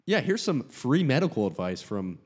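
A man's voice: medium pitch, moderate pace, husky. A young man in his twenties co-hosting a podcast, wry and chatty, hedging his points. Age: 20s. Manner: lively, wry, hedging with fillers. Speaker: podcast co-host. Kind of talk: casual chat.

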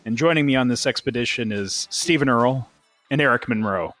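A man's voice: mid-range voice, fairly quick, a bit bright, faint music behind. A man hosting a podcast, introducing the show in a dry, upbeat way. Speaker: podcast host. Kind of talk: show intro and casual chat.

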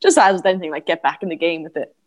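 An Irish woman, the guest on an interview podcast, chatting casually and laughing easily. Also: on the low side. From Galway, Ireland. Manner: giggly, animated, quick to laugh. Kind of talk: casual chat.

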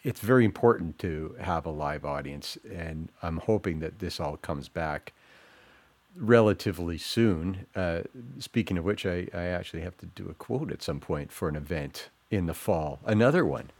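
Deep-voiced man chatting casually. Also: animated, moderate pace, a little mellow. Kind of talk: casual interview chat.

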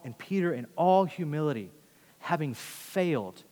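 A man preaching a sermon, earnestly shifting between hushed and forceful emphasis. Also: medium pitch, moderate pace, in a large hall. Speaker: pastor.

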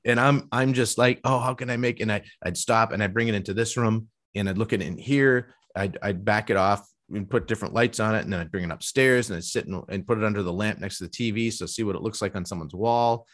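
A man's voice: fairly low pitch, fast, hardly any pauses, fairly bright tone. A middle-aged man hosting a casual conversation, talking enthusiastically in long rambling runs with frequent restarts. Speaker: podcast host and professional artist.

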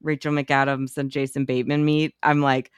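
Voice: medium pitch, level tone, moderate pace, smooth, no room sound. A podcast co-host in casual movie chat who swears freely and acts out quotes in a jumped-up voice.

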